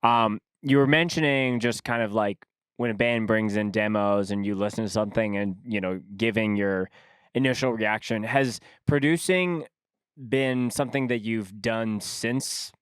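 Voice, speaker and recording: Male host, lowish, smooth voice, rambling questions, dry room. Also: moderate pace, no echo. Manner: long winding questions with restarts. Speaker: podcast host. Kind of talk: interview questions.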